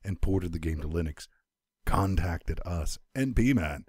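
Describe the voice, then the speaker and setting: Brash, animated low-voiced male host. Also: a little slow, breathy edge, dry recording, studio quality. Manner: brash, crude, animated joking. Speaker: podcast host. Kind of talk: casual banter podcast.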